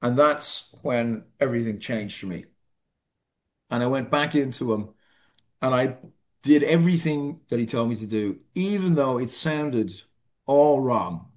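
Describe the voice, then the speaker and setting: Middle-aged Irish man, mid-pitched, reflective storyteller with wry humor; slightly dull lo-fi recording. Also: animated, darkish tone. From Ireland. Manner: reflective, halting, self-deprecating humor. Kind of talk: personal story in conversation.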